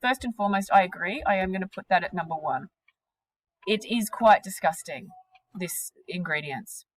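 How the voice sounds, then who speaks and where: A woman teaching a literature class, energetic and questioning, with casual slang. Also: fairly low pitch, normal speed, a little hiss or hum, rough recording.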